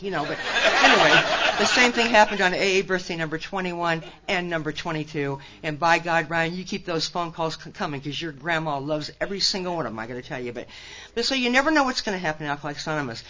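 A woman's voice: fairly low pitch, expressive, quick pace, pushed and bright. An older woman from Nebraska gives a folksy personal testimony at a recovery conference, full of storytelling and punchy asides to the crowd. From Nebraska, USA. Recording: dull lo-fi recording.

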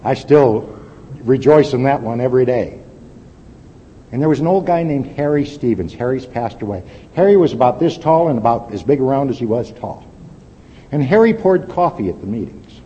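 Older man, mellow voice, echoey hall. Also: expressive, moderate pace, slightly rough. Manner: plain-spoken storyteller, wry and candid. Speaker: recovery meeting speaker. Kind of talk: personal testimony talk. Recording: lo-fi echoey hall with faint rumble.

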